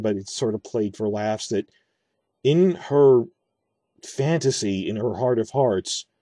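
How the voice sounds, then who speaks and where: A man with a low, mellow voice talks through his thoughts in an earnest, rambling way, stopping and restarting his sentences. The sound is dry and close, with no room around it. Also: no room sound. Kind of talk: casual video commentary on a TV series.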